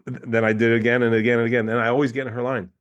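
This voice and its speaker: A medium-pitched man talks very fast over lo-fi sound, appearing as a guest coach on a casual podcast. Animated in his storytelling, he laughs a lot and does small impressions of people.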